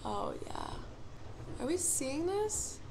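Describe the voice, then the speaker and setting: A woman's voice: high voice, wildly swooping pitch, takes it slowly, vocal fry, a little mellow, slight background noise. A young woman filming a casual first-impressions makeup review, gushing and exclaiming as she tries products. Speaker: beauty vlogger.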